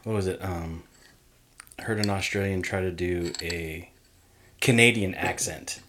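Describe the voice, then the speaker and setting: A man's voice: sits low, measured pace, noisy background. A man co-hosting a podcast in casual chat, playful and jokey, rambling a little. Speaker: podcast co-host.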